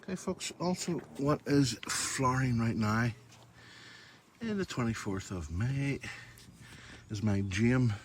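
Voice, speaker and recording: Speaking slowly with frequent pauses, a Northern Irish man with an expressive, mid-range voice chats to his viewers as he walks around his garden outside, filming on his phone. He's a chatty garden vlogger who keeps addressing everyone as folks, and there's slight background noise.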